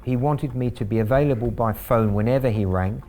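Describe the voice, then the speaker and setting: A man's voice: mid-range voice, brisk, mellow. A middle-aged man telling the story of baiting a scammer, in a wry, gleeful interview manner. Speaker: scambaiter.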